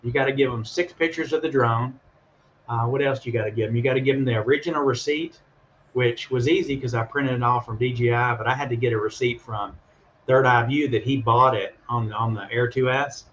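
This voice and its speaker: A man casually telling a story on a call, animated and acting out the voices of the people in it. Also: medium pitch, fairly quick, highs cut off, slight background noise. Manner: animated, acts out voices in his stories. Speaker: guest calling in.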